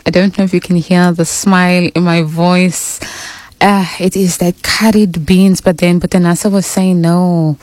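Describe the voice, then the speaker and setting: A woman's voice: on the low side, level tone, moderate pace, no echo. Chatty woman radio host. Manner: warm, chatty, prayerful. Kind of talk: casual radio talk. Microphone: studio microphone.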